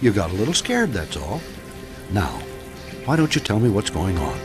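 A gentle older mentor. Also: male voice, lowish voice, huge pitch swings, over music. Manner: soothing, fatherly, unhurried. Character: gentle, reassuring older man, patient mentor. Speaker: kindly mentor. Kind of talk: audio drama acting.

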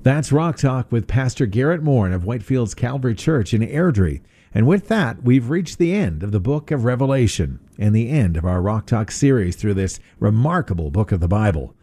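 A man's voice: medium pitch, big pitch swings, moderate pace, dark tone. A man reading a scripted outro announcement for a radio program.

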